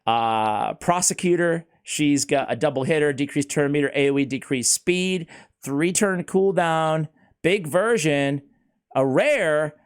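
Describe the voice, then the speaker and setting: A man hosting a casual gaming chat, excitable and laughing often, talking like he's with a buddy. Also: a little high, unhurried, clean tone. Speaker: host.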